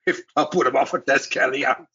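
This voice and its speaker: A middle-aged former footballer talking as a pundit in casual podcast chat, rambling with restarts and tag questions. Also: male voice, mid-range voice, fast talker, sharp tone, slight background noise. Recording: muffled lo-fi audio.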